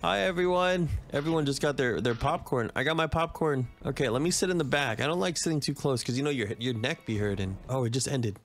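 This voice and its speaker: A young man playing a game on camera, chatting casually and jumping to high yelps and cries when startled. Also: a little fast, few pauses. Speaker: gaming YouTuber.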